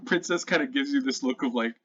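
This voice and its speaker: A man's voice: mid-range voice, a bit bright, breathy edge. A man running a tabletop game as dungeon master, narrating loosely with lots of fillers. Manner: loose, chatty, many fillers. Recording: slightly dull lo-fi sound.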